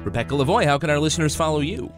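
A man's voice: fairly high pitch, very fast, over music. A man co-hosting a podcast in casual chat, teasing and laughing often, then reading the show's outro. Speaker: podcast co-host.

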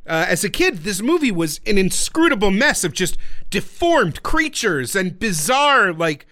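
A man co-hosting a comedy podcast, his high, bright voice full of animated swings. He jokes constantly and laughs easily. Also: unhurried. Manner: joking, animated, laughs often. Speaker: podcast co-host. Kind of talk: casual comedic podcast chat.

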